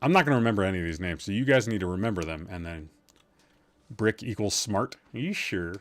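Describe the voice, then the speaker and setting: A man's voice: lowish voice, animated, fast. A man hosting a live-streamed podcast from a room at home, chatting casually, rambling and teasing his chat with jokes.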